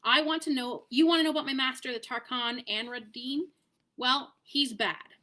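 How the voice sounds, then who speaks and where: A haughty talking war horse, voiced by a woman gives orders in a brisk, impatient storybook voice. The tone is bright and a little high, with lively emphasis on the words it cares about. He sounds sure of himself and quick to scold. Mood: brisk, proud. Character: proud adult male talking war horse, brisk, bossy. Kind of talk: storybook read-aloud.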